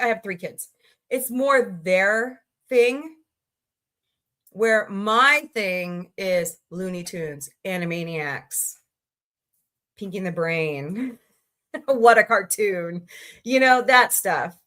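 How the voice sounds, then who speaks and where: A Missouri woman in her forties hosts a casual livestream in a bright, forceful voice on the high side. She chats loosely, greets viewers by name, and reacts to the chat while rambling from topic to topic.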